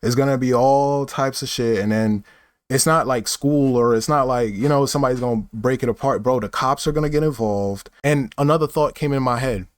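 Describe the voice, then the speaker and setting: A man's voice: mid-range voice, brisk, no room sound. A man, talking loosely in a casual monologue full of fillers and tag questions. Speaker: vlogger.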